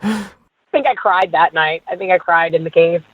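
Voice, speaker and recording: A woman guest in her thirties telling stories in a casual interview, animated and full of "like", acting out who said what. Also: fairly low pitch, normal speed, husky, dry recording. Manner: animated storyteller, acts out quoted dialogue, lots of "like". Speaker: guest, former reality show contestant. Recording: dry, tinny phone-like line.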